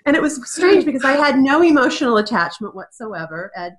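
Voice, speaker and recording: A woman's voice: high voice, sing-song, brisk, low-quality recording. Earnest woman telling her story. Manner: earnest, searching, restarts mid-sentence. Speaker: interview guest. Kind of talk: casual interview talk. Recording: audio-only interview.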